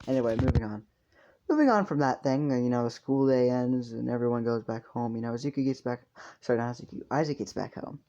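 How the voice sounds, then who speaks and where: A man's voice: mid-range voice, quick pace, dark tone, slight background noise. A young man improvising a story casually, rambling and crude, often correcting himself, recorded at home on a dull lo-fi mic. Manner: rambling, crude, self-correcting, with frequent fillers. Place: home room with a pet cat.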